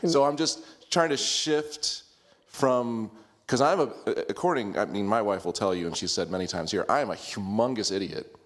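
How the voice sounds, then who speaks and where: A man's voice: on the low side, normal speed. A middle-aged man sharing a self-deprecating story in a group class, laughing now and then as he talks. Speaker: class participant.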